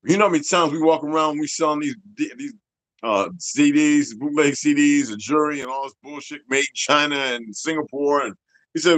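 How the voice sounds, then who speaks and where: A man's voice: on the high side, a little fast, fairly bright tone, dry recording. A man in his fifties ranting to his viewers in a blunt, streetwise, rambling way, swearing heavily and drifting into asides. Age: 50s. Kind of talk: profane off-the-cuff rant.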